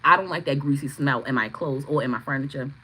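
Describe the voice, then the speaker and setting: Brash, bright-voiced woman. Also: extremely low pitch, fast talker, slightly rough, rough recording. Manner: profane, blunt, laughing storyteller; greets chat viewers by name. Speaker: tarot reader streaming live. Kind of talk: casual livestream storytelling.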